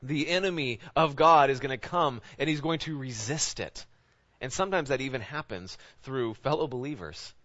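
A pastor with a medium-pitched, slightly bright voice speaks at normal speed in an informal, conversational sermon. He often checks in with listeners by asking "right?", and the recording is dull and lo-fi.

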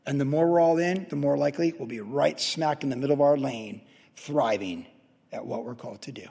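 A man preaching a sermon, telling a story with sudden loud excited peaks between quiet stretches. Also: mid-range voice, a little fast, vocal fry, husky, big-room sound. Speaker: pastor.

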